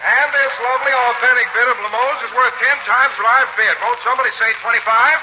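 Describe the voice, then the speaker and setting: A fast-talking auctioneer rattling off bids in a high, bouncy voice. The sound is a muffled old radio broadcast under heavy hiss. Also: male voice, fairly even intonation. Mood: salesy. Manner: patter, salesy. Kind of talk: 1940s radio acting.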